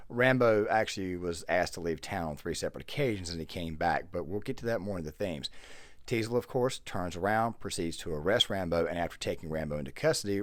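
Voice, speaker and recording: A very low-voiced man talks through a movie's plot in a relaxed commentary voiceover. He explains each scene in turn with a few fillers along the way. The recording is dry and close, with no room sound. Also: dry recording. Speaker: YouTube film commentator. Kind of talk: casual film commentary voiceover.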